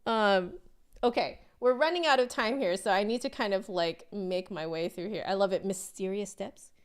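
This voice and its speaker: A woman's voice: mid-range voice, moderate pace. A young woman, a flute teacher, casually reviewing a book and reading passages aloud with gushing enthusiasm.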